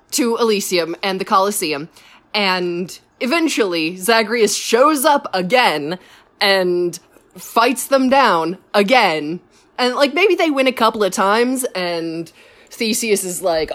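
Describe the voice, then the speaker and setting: A woman's voice: mid-range voice, a bit bright. A woman telling a story in a casual, rambling way, with many fillers and self-corrections.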